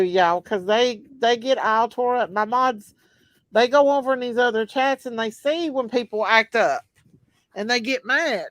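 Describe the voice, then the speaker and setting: A woman's voice: fairly high pitch, unhurried, dry recording, low-quality recording. A woman, chatting casually as livestream host and answering her chat. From Kentucky. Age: 40s.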